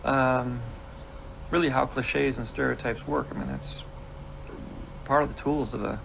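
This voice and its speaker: A man explaining his filmmaking choices in a measured interview, from noisy archival audio. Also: medium pitch, gravelly. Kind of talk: reflective interview talk.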